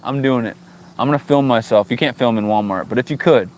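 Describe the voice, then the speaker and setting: A man's voice: mid-range voice, fast talker, a little mellow, slight background noise. A man hosting a fishing livestream outdoors, chatting casually with viewers and joking in exasperation at the fish. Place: outdoors by the water.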